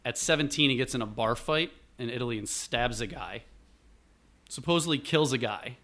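A man from Buffalo, New York, tells a long family story as a guest in easy, rambling chat. His voice sits at an everyday middle pitch, and he keeps the tale moving by acting out what people said. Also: normal speed. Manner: lively, rambling storyteller with acted-out quotes. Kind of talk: casual storytelling.

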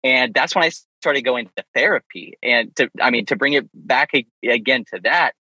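Guy in his thirties sharing personal stuff frankly in a roundtable, bright voice, dry close sound. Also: medium pitch, normal speed, husky, dry recording, rough recording. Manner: frank and open, sharing personal experience with self-deprecating humor. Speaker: pet care business owner, panelist. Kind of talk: candid roundtable discussion.

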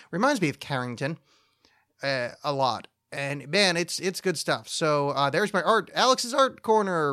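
A man rambles alone into a close, dry microphone, his voice sitting a little high. He swings into profane, mock-outraged rants between listener questions. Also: bright, forceful tone, smooth, dry recording. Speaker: podcast host. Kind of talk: solo comedic rant podcast.

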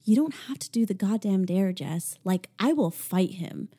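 A woman voicing a sharp-tongued, defiant young woman friend with a bright, mocking edge. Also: medium pitch, expressive, normal speed, slightly rough. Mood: incredulous.

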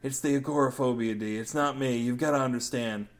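A man's voice: mid-range voice, steady tone, brisk, lightly acted. A man voicing a clingy, anxious young man who pleads and whines. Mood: needy. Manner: pleading, whiny.

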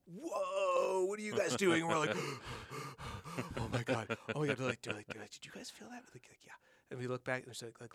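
A man recounting a personal story in a loose, rambling way, full of "like" and "um" and restarts. His voice sits at an ordinary middle pitch. It is recorded dry and close, with no room sound. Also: dry recording. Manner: rambling, animated anecdote with many fillers and restarts. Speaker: guest. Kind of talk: casual storytelling. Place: studio.

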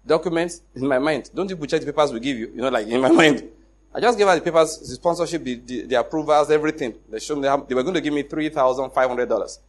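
A middle-aged Nigerian man with a Nigerian accent, telling a personal story in an animated way, acting out the dialogue and laughing often. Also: fairly high pitch, quick pace. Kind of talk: casual storytelling.

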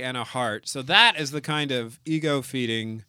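A man co-hosting a casual podcast, wry and animated, reading listener comments aloud. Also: medium pitch, moderate pace, clean tone, no echo, clean studio sound. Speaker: podcast co-host.

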